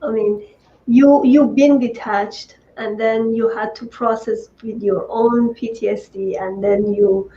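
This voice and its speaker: A woman host talks very slowly and reflectively, slipping in frequent "uh"s. The audio sounds dull and muffled, like a lo-fi video call, and her voice sits somewhat high. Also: fairly even intonation, warm tone. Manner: measured, reflective, many fillers. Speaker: host, coach. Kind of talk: interview talk.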